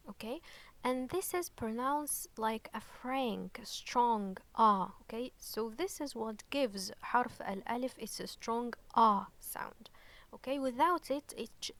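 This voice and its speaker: A woman teaching an online lesson, patient and unhurried, checking in often with "okay?" and pausing on fillers. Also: on the high side. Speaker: Arabic teacher.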